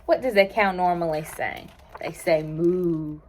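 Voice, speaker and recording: A woman's voice: fairly low pitch, a little slow, few pauses. A woman hosting a children's storytime, speaking cheerfully to small children and asking them questions as she reads.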